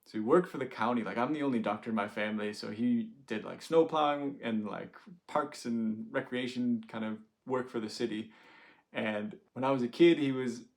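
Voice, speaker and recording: A chatty man in his thirties with a gravelly, fry-edged voice at an ordinary pitch. He talks casually to camera as a doctor, laughing often and filling gaps with "like" and "you know.". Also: moderate pace. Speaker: doctor sharing stories. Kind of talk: casual direct-to-camera talk.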